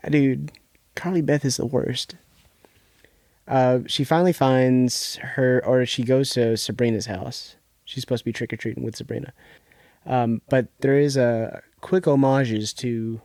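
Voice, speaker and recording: In a mellow, mid-range voice, a young man co-hosts a podcast and rambles through a casual recap of a TV episode, restarting a lot and leaning on filler words. It's a dry, studio-quality recording.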